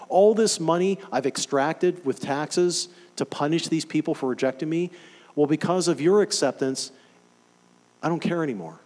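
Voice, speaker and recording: A man preaching a sermon, animated and emphatic, firing off rhetorical questions to his listeners. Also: on the high side, moderate pace, big-room sound.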